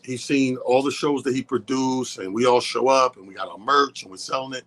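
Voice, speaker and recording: A man's voice: medium pitch, a little fast, a bit bright. A man, a comic co-hosting a radio show, chatting loosely and swearing casually. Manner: loose, profane, conversational.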